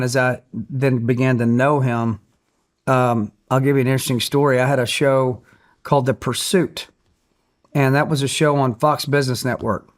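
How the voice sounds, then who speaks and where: A middle-aged man, telling earnest stories as a guest in a podcast interview. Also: medium pitch. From Tennessee, USA. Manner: earnest storyteller, acts out quotes. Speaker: guest, country singer.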